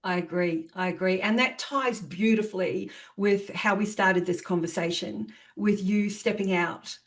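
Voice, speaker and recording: A woman's voice: mid-range voice, unhurried. A woman hosting a podcast interview, agreeable and affirming, with a loose conversational manner and fillers. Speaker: podcast host.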